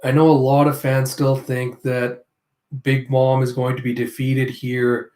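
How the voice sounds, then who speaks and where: A man's voice: medium pitch, monotone, unhurried, darkish tone. Guy rambling through his review, mid voice, roomy echo. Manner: rambling, many fillers and restarts. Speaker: reaction video host. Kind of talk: casual review commentary.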